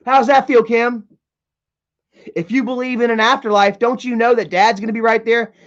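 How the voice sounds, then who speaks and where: A man's voice: very high voice, level tone, normal speed, a bit bright, highs cut off. A man livestreaming from home, reading chat messages aloud and ranting in a heated, profane way. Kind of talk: casual livestream rant.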